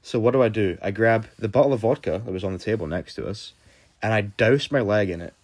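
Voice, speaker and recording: Rambling young man, lowish voice. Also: quick pace. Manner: casual, rambling, full of fillers and swearing. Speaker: vlogger. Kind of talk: storytime vlog.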